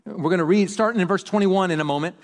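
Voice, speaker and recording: A man preaching a sermon, telling a story in an animated way with lots of restarts. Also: sits high, quick pace. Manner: animated storyteller, repeats words when excited. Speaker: pastor. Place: church hall. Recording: reverberant church hall.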